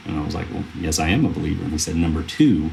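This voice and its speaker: A man's voice: sits low, lively intonation, rapid-fire, vocal fry, dark tone, a little hiss or hum. A man in his thirties, a film producer, telling earnest stories in a casual interview, rambling with fillers and restarts. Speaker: film producer, podcast guest.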